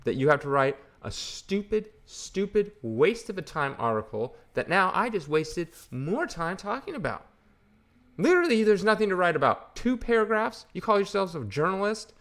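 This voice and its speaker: Gravelly-voiced man ranting sarcastically. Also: sits high, big pitch swings, normal speed, fairly bright tone. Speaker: comic book channel host. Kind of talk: casual ranting commentary.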